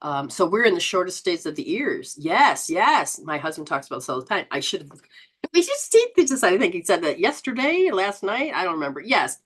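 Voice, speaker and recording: Woman host, low-pitched, animated, rambling spiritual coach style. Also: brisk, slightly rough. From Southern Hemisphere. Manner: animated, exclaims and laughs often. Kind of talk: live-stream chat reading viewer comments.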